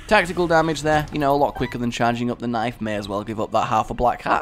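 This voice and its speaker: A man's voice: mid-range voice, animated, brisk, few pauses. A man giving casual, rambling commentary over a game he is playing, with self-mocking jokes and asides. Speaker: gaming commentator.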